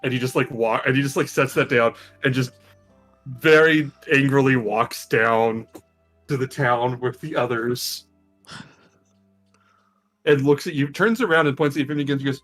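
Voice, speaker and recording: A man running a tabletop game as game master, narrating loosely with many ums and pauses. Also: mid-range voice, a bit bright, soft background music. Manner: loose, hesitant, lots of ums.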